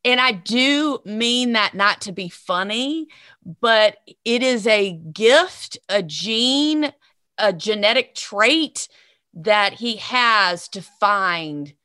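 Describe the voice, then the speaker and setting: Female podcast host, bright voice, dry sound, playful and emphatic. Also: on the high side, no echo. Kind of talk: casual chat.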